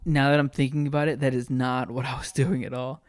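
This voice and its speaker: A man's voice: medium pitch, level tone, fairly quick, no echo. A man co-hosting a podcast in casual chat, rambling and often restarting his sentences. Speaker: podcast co-host.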